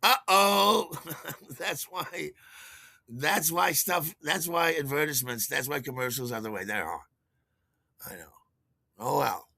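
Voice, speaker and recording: An older man hosting a podcast, telling a rambling story in a casual, animated way with restarts and chuckles. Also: unhurried, creaky, long pauses, dry recording, studio quality. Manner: animated, acts out quotes in a higher voice. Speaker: podcast host.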